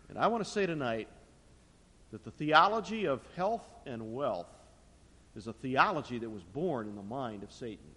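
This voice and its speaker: A man's voice: very animated, moderate pace, husky. Emphatic preacher man in a reverberant hall. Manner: emphatic, dramatic swings in pitch and loudness. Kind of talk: sermon. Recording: long reverb of a large hall.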